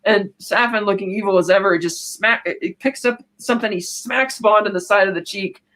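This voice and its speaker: This is a podcast co-host giving a loose, chatty recap of a film. The voice sits at a middle pitch and rambles along, breaking off now and then to quote a line in passing. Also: fairly bright tone. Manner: rambling, retells scenes with quick quoted asides.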